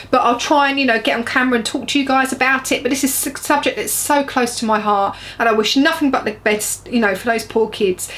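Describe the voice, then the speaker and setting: A woman's voice: a little high, a bit bright. A woman vlogging to camera in an emotional rant, earnest and repeating words for emphasis. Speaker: beauty vlogger.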